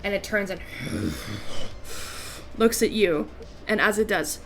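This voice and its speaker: A woman's voice: medium pitch, moderate pace, over music. A woman running a tabletop game as game master, patiently explaining rules and vividly narrating scenes.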